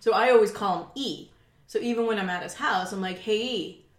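A woman's voice: mid-range voice, a little fast. A woman co-hosting a podcast, telling casual stories with dry asides. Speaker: podcast co-host. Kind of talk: casual chat. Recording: echoey room.

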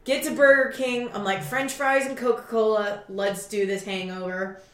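A woman chatting casually as a podcast co-host, telling a lively story, swearing and acting out quotes. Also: fairly high pitch, moderate pace. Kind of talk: casual chat. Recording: echoey room.

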